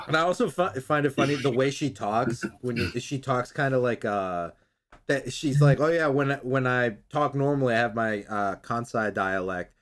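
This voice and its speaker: His voice is medium in pitch and his pace moderate. He's casually going over an anime episode, cursing freely and performing what the characters say.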